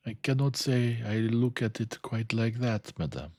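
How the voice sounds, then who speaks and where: A man voicing a formal, fussy older male detective who speaks in an emphatic, deliberate way. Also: medium pitch, darkish tone, no room sound, pitched above the performer's own voice. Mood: insistent.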